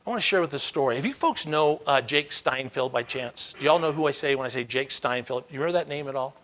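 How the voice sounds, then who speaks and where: A man giving a motivational keynote speech, telling stories with dramatic, repeated emphasis that swings from loud to hushed. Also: mid-range voice, fast. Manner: dramatic storytelling with emphatic repetition. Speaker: keynote speaker.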